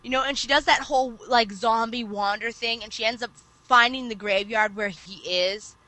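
A woman co-hosting a casual podcast, retelling an anime plot at length in an animated storytelling manner. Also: on the high side, moderate pace, rough recording. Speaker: podcast co-host. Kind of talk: casual chat.

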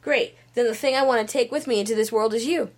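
A woman's voice: on the high side, fast, natural voice. A woman putting on the lines of a touchy young shut-in man who takes offense easily, in a casual retelling. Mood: indignant.

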